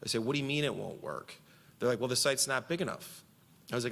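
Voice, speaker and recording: A man's voice: medium pitch, quick pace, a bit bright, big-room sound. A man giving a conference speech from Central New York, telling a story and quoting himself and others with animation.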